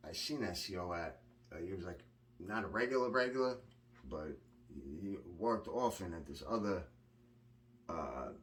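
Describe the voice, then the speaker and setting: A man's voice: sits low, lively intonation, unhurried, pauses often, fairly bright tone, distant mic. A man from Long Island, telling a rambling, profane story in a casual monologue. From Long Island, New York. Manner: blunt, profane, rambling with restarts. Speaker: vlogger recounting prison experiences.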